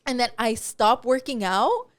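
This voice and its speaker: A woman with a fairly high voice, co-hosting a podcast in casual chat. She tells a lively, profane story full of acted-out quotes. Her voice sounds dry and close, with no room sound. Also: unhurried, dry recording. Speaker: podcast co-host.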